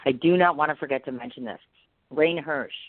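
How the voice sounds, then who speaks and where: Woman podcast host, gushing, rapid delivery, tinny phone-quality audio. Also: sits low, no room sound. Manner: effusive, gushing. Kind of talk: interview podcast. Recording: phone-like line, dry.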